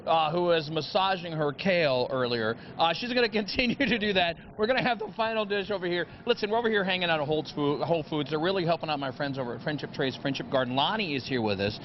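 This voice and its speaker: Guy hosting a morning tv bit in a grocery store, high voice, rapid, hammy and jokey, slightly muffled audio. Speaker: morning TV show host. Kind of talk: playful live TV segment banter. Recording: muffled broadcast audio, faint noise.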